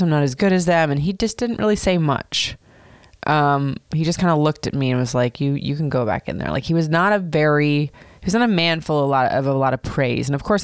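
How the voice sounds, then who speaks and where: A woman's voice: low-pitched, dry recording. Chatty woman telling a story, dry sound. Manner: chatty, frequent "like" fillers, animated retellings. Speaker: podcast host. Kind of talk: casual personal storytelling.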